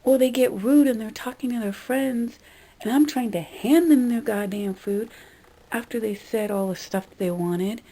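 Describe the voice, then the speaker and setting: A woman's voice: fairly high pitch, normal speed, dark tone, low-quality recording. A young woman vlogging a casual rant, exasperated and swearing, now and then mimicking the people she talks about. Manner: exasperated, swearing, mimics customers in quoted voices. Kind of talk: casual ranting monologue.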